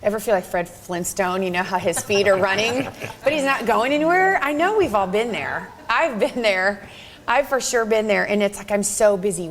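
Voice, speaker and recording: A woman in her thirties presenting a live business workshop, bubbly and encouraging, laughing often. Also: medium pitch. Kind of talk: upbeat live workshop talk.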